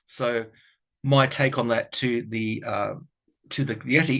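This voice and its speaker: Chatty Australian man, mid pitch. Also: steady tone, slow pace, vocal fry, a bit bright. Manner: rambling, chatty, digressive, frank. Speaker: tarot and political commentary vlogger. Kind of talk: casual political chat to camera.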